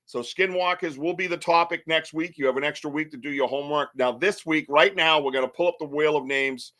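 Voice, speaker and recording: A man's voice: a little high, a little fast, bright, forceful tone. A man hosting a live podcast, chatting casually in a rambling, joking way and laughing often. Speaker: podcast host.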